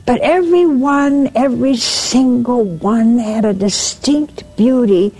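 A woman's voice: fairly high pitch, slow, warm tone, slightly rough. A woman giving a sermon, retelling a story and quoting its speakers, with frequent restarts.

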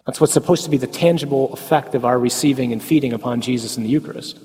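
A man of middle pitch gives a homey teaching talk in a church hall, where the long reverb trails after his words. He throws rhetorical questions at the group and tags his points with a quick "huh?". Folksy, joking asides keep it light. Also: mellow. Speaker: speaker at a parish talk on the Mass.

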